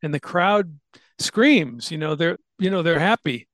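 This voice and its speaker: A man's voice: fairly high pitch, expressive, unhurried, fairly bright tone, dry recording. A man hosting a podcast, casually explaining history at length with fillers and restarts. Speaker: podcast host.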